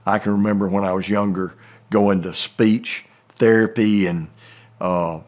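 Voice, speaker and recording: A middle-aged man with a Southern American accent spins a rambling, folksy yarn in easy conversation. His voice sits fairly low, and the talk feels loose and unhurried. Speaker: turkey hunting guide. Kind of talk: casual storytelling chat.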